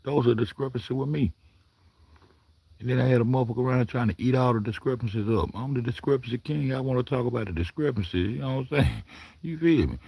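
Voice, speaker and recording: A man's voice: medium pitch, quick pace, vocal fry, warm tone, breathy edge, dry recording. A man hosting his own commentary vlog, rambling and swearing as he talks back at the footage on screen. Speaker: commentary vlogger. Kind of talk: profane reaction commentary.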